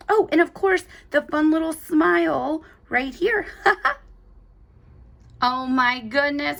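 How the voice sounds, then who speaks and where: Young woman, craft tutorial host, slightly high, gushing and chatty while she demonstrates. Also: fairly bright tone.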